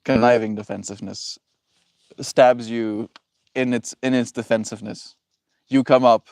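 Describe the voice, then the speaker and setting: A man's voice: medium pitch, steady tone, normal speed, long pauses, a little mellow, no room sound. A man hosting a livestream who chats casually with viewers, rambling and reflective and laughing often. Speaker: livestream host.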